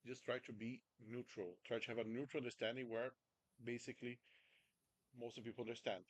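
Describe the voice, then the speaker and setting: A man's voice: mid-range voice, level tone, brisk, no echo. Chatty male coach, dry close sound. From United States. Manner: chatty, keeps checking in with "right?" and "understand?". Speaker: communication coach. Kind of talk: casual coaching talk.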